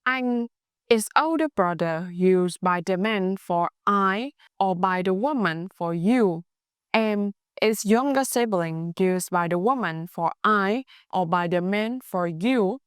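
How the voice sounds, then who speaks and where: A woman with a Vietnamese accent teaching a language lesson in a clear, patient, scripted way. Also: medium pitch, animated, takes it slowly, no echo, clean studio sound.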